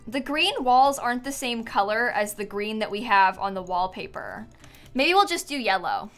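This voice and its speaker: A woman's voice: fairly high pitch, very animated, normal speed, a bit bright, faint music behind. A woman streamer chatting casually while she builds in a game, thinking aloud with lots of fillers and frequent giggles, and yawning now and then. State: yawning, tired.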